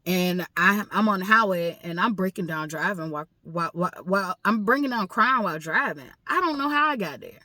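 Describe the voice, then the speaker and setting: A woman's voice: on the low side, expressive, brisk, hardly any pauses, bright, forceful tone, dry recording. A woman vlogging a personal story with raw emotion, swearing often and repeating herself for emphasis. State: emotional, grieving.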